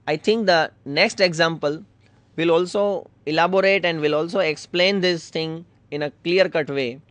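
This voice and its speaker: A man with an Indian English accent lectures on grammar, slowly restating every example for his students. His voice sits high for a man. The recording is dry, with no room sound. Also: a bit bright, no room sound. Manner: slow, repetitive explaining with restated examples. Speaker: college communication skills lecturer. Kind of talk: slide-based grammar lecture.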